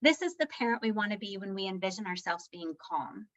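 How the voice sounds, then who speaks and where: A woman's voice: medium pitch, animated, a little fast, fairly bright tone. A woman presenting a live parenting workshop in a conversational, candid way, often checking in with her audience. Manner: conversational, tags points with "right?"; candid and self-deprecating. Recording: slightly muffled lo-fi sound.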